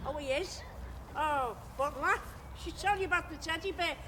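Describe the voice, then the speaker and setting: A woman's voice: high-pitched, moderate pace, close to an everyday voice. An actress playing a gossipy, bawdy older woman in an independent living scheme. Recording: outdoor recording with clear background noise.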